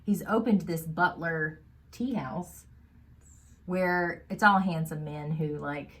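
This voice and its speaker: A woman co-hosting a casual book podcast, chatty and animated, laughing often. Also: low voice, slow pace. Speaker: podcast co-host.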